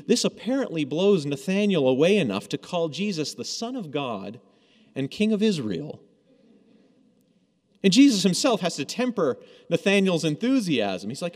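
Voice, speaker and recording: A man's voice: sits high, big pitch swings, moderate pace. A man preaching a sermon in a conversational, storytelling way, acting out quoted lines as he goes. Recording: long hall reverb.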